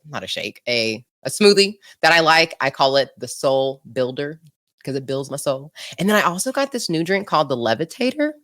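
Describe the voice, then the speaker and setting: A woman's voice: sits low, a bit bright. A woman hosting a podcast in casual, bubbly chat, laughing often as she tells stories. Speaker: podcast host.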